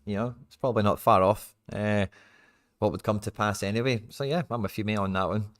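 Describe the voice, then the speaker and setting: Young scottish guy ranting at the footy on a desk mic, lowish voice, swears a lot. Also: steady tone, a little fast. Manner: exasperated, swears freely, rants with sudden loud outbursts. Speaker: football watch-along host. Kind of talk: live match watch-along chat.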